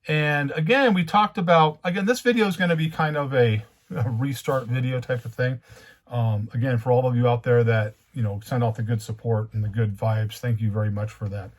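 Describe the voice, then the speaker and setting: A man's voice: medium pitch, fairly even intonation, brisk. Man chatting casually about his comics. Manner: conversational, rambling, heated when ranting. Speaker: comic book YouTuber. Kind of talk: casual monologue.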